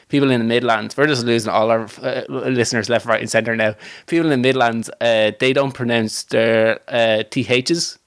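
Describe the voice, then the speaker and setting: A man's voice: mid-range voice, a bit bright, smooth, dry recording. An Irish man with a Dublin accent, co-hosting a podcast and arguing his point insistently in casual chat. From Ireland. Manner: argumentative, insistent. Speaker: podcast co-host.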